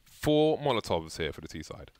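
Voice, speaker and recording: A man giving play-by-play commentary on an esports match, getting excitable and rising with the action. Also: lowish voice, moderate pace, no echo.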